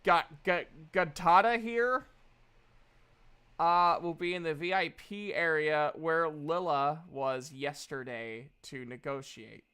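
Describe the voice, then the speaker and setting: A woman playing halting male messenger. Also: deep voice, fairly even intonation, fairly bright tone, smooth. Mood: hesitant. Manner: halting, with many fillers and restarts. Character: hesitant male messenger delivering letters.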